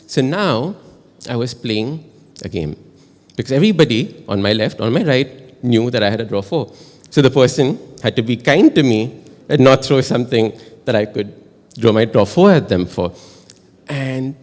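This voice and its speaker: A man with an Indian English accent telling a personal story at a live storytelling show, chatty and animated, often asking the audience questions. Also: mid-range voice, fairly quick, big-room sound. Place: stage in a performance hall.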